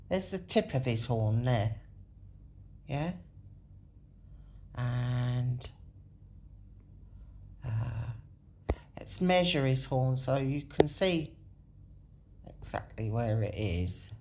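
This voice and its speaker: Low, lively woman musing aloud, slowly. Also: gravelly, a little hiss or hum. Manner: thinks aloud, corrects herself, drops into whispers. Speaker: video host. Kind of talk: rambling walkthrough on a map.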